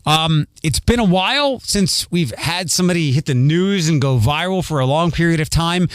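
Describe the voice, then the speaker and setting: Chatty host with a faint Philly accent. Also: male voice, fairly high pitch, lively intonation, moderate pace, clean tone, dry recording. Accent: Philadelphia, mostly trained out. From Philadelphia. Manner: chatty, rambling, self-aware about speech. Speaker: podcast host. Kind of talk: casual podcast monologue.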